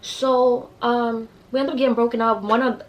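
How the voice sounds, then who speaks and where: A young woman telling a story to camera in a casual, profane, animated way. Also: fairly high pitch, normal speed, muffled recording. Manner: animated, profane, acts out quotes in raised voices. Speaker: vlogger.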